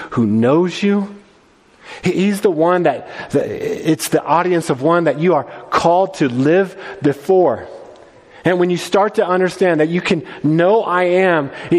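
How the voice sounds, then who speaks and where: A man preaching a sermon at a church service, reading scripture aloud and speaking in an earnest, emphatic way. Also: high-pitched. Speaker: pastor. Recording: long hall reverb.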